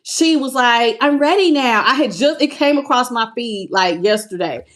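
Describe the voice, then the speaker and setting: A woman giving a live tarot reading, talking in an animated, conversational way and greeting viewers as they join. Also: fairly high pitch, normal speed. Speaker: tarot reader.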